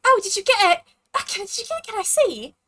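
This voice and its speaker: An eager young woman with a high, bright voice, as a woman game master puts her on. She bounces from giddy to soft and hesitant, careful not to show her face, in a tabletop game. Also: animated, normal speed, no room sound, studio quality. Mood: excited.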